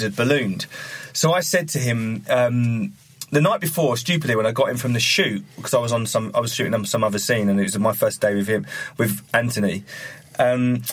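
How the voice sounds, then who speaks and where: A man, a film director, telling a story in an animated, casual way, laughing and acting out the lines. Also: medium pitch. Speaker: film director, podcast guest.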